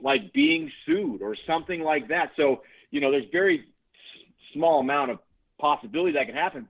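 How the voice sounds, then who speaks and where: A man co-hosting a podcast, explaining plainly in casual conversation and often checking in with "right?". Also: fairly high pitch. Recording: phone-like narrow sound.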